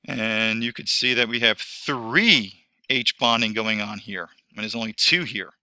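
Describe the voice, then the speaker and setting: A man's voice: lowish voice, measured pace, bright, forceful tone, smooth, no room sound. A man teaching a screen-recorded lesson, rambling and correcting himself as he talks through each step.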